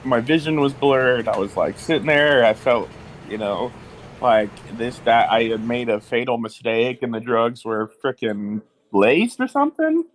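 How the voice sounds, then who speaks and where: A man's voice: mid-range voice, lively intonation, unhurried, no room sound, poor audio. Rambling young man telling a story. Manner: rambling, lots of fillers and restarts. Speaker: guest. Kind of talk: casual podcast storytelling.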